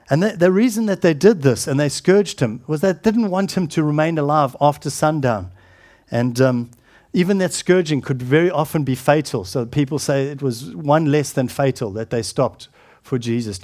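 A middle-aged man preaching a sermon as pastor, earnest and often dropping to a hushed, solemn tone, with halting restarts. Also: a little high.

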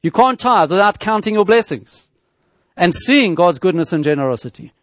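A man delivers a sermon in a fairly high voice, working through his points in a measured teaching tone. He often restarts phrases and asks rhetorical questions. The sound is dry and close, with no room echo. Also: lively intonation. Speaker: preacher.

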